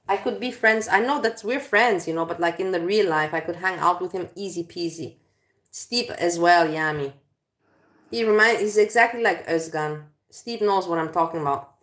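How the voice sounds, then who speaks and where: A woman's voice: on the low side, a bit bright. A woman hosting a casual vlog, chatting to viewers and laughing along with her companion. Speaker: vlogger host.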